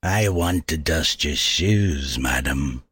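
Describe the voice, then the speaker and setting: A man's voice: very deep voice, animated, slow, a bit bright, husky, dry recording, studio quality, exaggerated voice. A man playing a sly, kindly old soldier who talks in teasing riddles. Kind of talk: amateur play reading.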